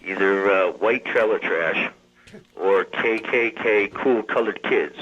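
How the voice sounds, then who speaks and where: A man's voice: on the low side, takes it slowly, fairly bright tone. A male radio caller asking a joking question, hesitant with fillers. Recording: dull phone line.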